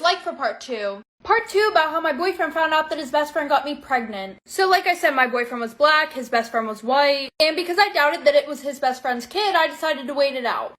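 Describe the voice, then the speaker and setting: A young woman with a high, light voice tells a casual storytime straight into her phone. She is chatty and blunt, swears freely and drops quick asides, talking close to the mic. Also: expressive, a bit bright. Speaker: TikTok storyteller.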